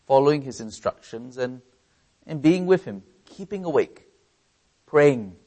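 A man preaching a sermon in an earnest way, often restarting and repeating words, lifting his voice for emphasis. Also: husky. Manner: earnest, rises in pitch and volume for emphasis.

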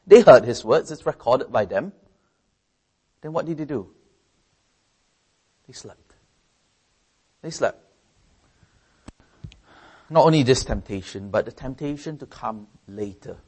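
A man's voice: lively intonation, slow pace, long pauses, a little mellow. A man preaching a sermon in an earnest way, often restarting and repeating words, lifting his voice for emphasis. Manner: earnest, rises in pitch and volume for emphasis.

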